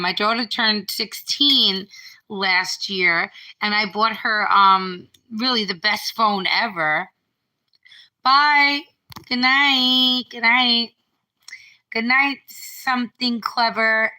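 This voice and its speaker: Her voice sits on the high side, bright and forceful, as this middle-aged livestreamer chats casually from home. She rambles, keeps restarting, and reads out viewer comments along the way, all captured in a rough phone recording.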